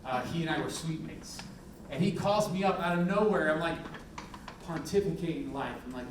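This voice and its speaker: A middle-aged man, a police chief, giving a candid, animated talk full of anecdotes in a university event hall. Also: fairly high pitch, moderate pace, noisy background. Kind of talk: public talk with war stories. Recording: echoey hall from a distant mic.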